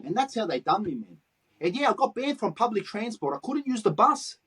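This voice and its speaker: A middle-aged man with a Sydney accent tells animated street anecdotes, swearing freely. His voice sits high for a man and has a husky edge. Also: brisk. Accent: Australian, Sydney. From Australia. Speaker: guest, graffiti artist. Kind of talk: casual storytelling interview.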